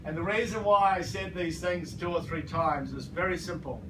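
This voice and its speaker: A man with a fairly high voice leads a business training session in front of a live audience. He is emphatic and repetitive, and he keeps asking the room to confirm they agree. The recording picks him up from a distance, with a noisy room behind him. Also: normal speed. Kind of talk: motivational training talk.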